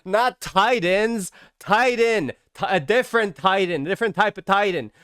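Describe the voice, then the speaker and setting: Man doing a jittery woman quest-giver, slangy, fretful, a little high in pitch. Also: moderate pace, fairly bright tone, smooth, dry recording, clean studio sound. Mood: fretting. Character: stressed-out woman quest-giver, clingy and fretting.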